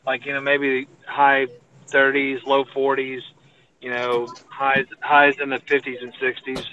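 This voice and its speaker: A man's voice: medium pitch, monotone, unhurried, bright, forceful tone, highs cut off, slight background noise. A man from Texas with a Texan accent, chatting casually from a parked car, rambling with lots of fillers. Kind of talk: casual chat.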